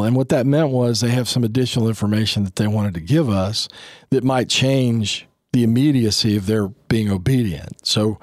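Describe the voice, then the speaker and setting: A man in his fifties talks through parenting advice in a casual, earnest way, slipping into quoted family dialogue. His voice sits on the low side. The sound is dry and close, with no room around it. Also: moderate pace, no room sound. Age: 50s.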